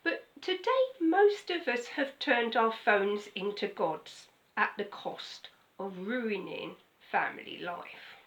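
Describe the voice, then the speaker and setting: A woman's voice: mid-range voice, lively intonation, takes it slowly, hardly any pauses, a bit bright, poor audio. An older woman pastor, giving a chatty, conversational sermon with frequent "okay?" asides. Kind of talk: casual sermon.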